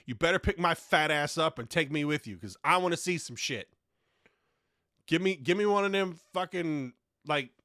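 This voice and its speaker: Loud, swearing man on a rant. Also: fairly high pitch, no room sound, clean studio sound. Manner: heavy swearing, exasperated and animated. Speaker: podcast host. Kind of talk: profane comedic rant.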